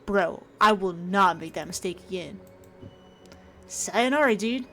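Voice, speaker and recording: A woman's voice: mid-range voice, measured pace, bright, forceful tone, faint music behind. A woman voicing a laid-back, upbeat surfer priest who talks in surfer slang, saying dude and bro at every turn.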